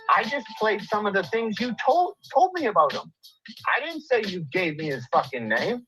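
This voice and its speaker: An out-of-breath livestreamer pours out an angry, profane rant, circling back to the same jabs again and again. The voice sits at an ordinary middle pitch. Soft music plays faintly underneath. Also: big pitch swings, normal speed, low-quality recording. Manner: angry, profane, repetitive ranting.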